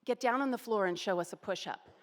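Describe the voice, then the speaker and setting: A woman voicing an intimidating female college senior who mocks and gives sharp orders. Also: mid-range voice, quick pace, close to an everyday voice. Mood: mocking. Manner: sarcastic, commanding.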